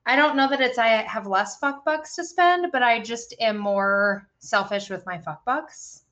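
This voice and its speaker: A fairly high, slightly bright voice belongs to a thirty-something woman co-hosting a podcast, unhurriedly discussing a parenting book. The talk is a relaxed book-club chat, candid and full of swearing.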